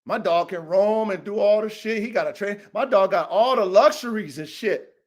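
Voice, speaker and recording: The podcast host, who is also a dog breeder, has a high-pitched voice at normal speed. He goes on a casual livestream rant into a live stream mic, blunt and full of swearing, growing heated and saying things more than once.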